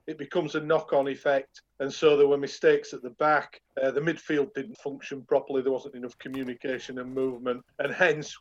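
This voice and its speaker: A man's voice: mid-range voice, lo-fi sound. A retired man, chatting about football on a remote line and calling the host "mate". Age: older. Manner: chatty, says "mate" a lot, hesitant restarts. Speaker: podcast co-host. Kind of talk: casual football chat.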